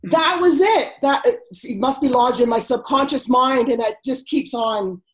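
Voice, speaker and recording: A woman caller telling stories on a coaching call, animated and casually swearing, with many restarts. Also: sits high, normal speed, low-quality recording.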